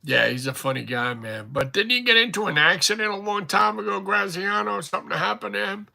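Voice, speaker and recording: A man's voice: high-pitched, fairly quick, creaky, pushed and bright. A middle-aged man hosting a casual livestream, rambling through stories. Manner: rambling, chatty storytelling. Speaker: livestream host.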